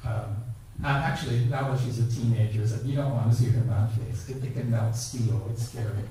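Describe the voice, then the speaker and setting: A man's voice: medium pitch, a little fast, warm tone. An older man giving a dharma talk at a temple, telling stories with playful asides. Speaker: dharma speaker. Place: temple hall. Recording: echoey hall from far off, background noise.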